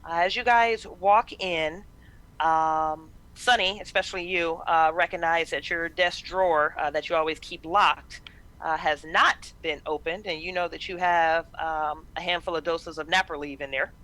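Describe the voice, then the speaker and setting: A woman narrating as game master of a tabletop game, with many pauses and fillers. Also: low voice, steady tone, fairly bright tone. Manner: hesitant, lots of fillers.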